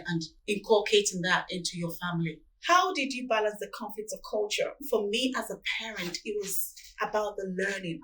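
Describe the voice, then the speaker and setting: A woman's voice: medium pitch, far from the mic, poor audio. A woman in her forties with a Nigerian accent, answering interview questions about parenting in a reflective, earnest way. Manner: earnest, animated storytelling.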